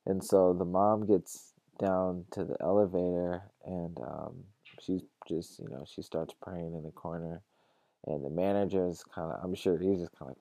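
A man's voice: sits low, moderate pace, creaky, no echo. A man casually retelling a story on a podcast, loose and profane, quoting the people in it. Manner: profane, animated retelling with quoted voices. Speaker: podcast host.

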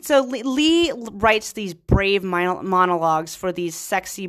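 A young woman talks through her thoughts on a show in a loose, rambling review. Her voice sits at an ordinary middle pitch, and she fills it with "like", "um" and little laughs. It sounds unscripted, like someone chatting to a camera. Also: a bit bright. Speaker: writer and blogger reviewing a TV series. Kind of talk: casual spoken review.

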